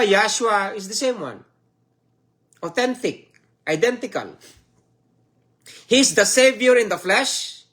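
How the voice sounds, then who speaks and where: A male preacher with a Filipino accent and a fairly high voice. He teaches in a slow, emphatic way, repeating each point for his listeners. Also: a bit bright. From Philippines. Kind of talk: sermon teaching.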